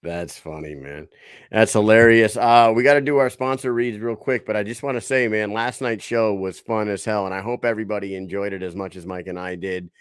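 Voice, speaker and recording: Low-voiced profane podcast host. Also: male voice, a little fast, clear, resonant tone, dry recording, clean studio sound. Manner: loose, profane, laughs easily. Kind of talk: casual chat.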